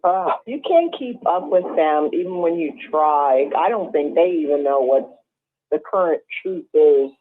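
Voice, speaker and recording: A woman's voice: deep voice, lively intonation, unhurried. A woman in a casual group discussion, emotional and affirming, often agreeing with the others. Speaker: panelist. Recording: tinny phone-like line.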